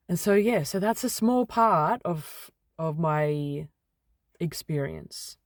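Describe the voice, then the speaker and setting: A woman with a low-pitched voice speaks slowly in a dry, studio-quality recording. As a vlogger in a rambling personal vlog, she talks candidly, gets heated and animated when venting, and swears mildly.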